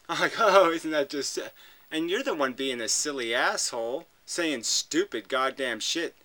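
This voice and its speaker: A man's voice: mid-range voice, bright, forceful tone, low-quality recording. A man recording a reaction video, arguing back at a clip with emphatic, profane commentary.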